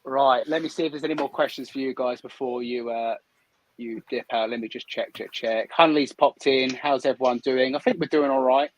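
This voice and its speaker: A man's voice: medium pitch, steady tone, a little fast, a little hiss or hum, rough recording. A man hosting a live selling stream, chatting casually and teasing his guests. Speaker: livestream host. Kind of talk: casual livestream chat.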